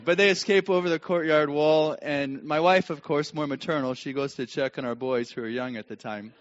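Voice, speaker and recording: A middle-aged man preaching a sermon and telling a personal story, dramatic and swinging from hushed tones to shouting. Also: a little high, fairly even intonation, fairly quick. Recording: long hall reverb, dull lo-fi sound.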